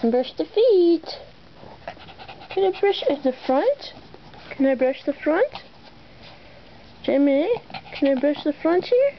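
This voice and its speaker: A woman's voice: high-pitched, big pitch swings, takes it slowly, long pauses. A woman coaxing her dog in a sing-song voice while grooming it, filmed on a home camera. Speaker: pet owner. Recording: dull home video with faint noise.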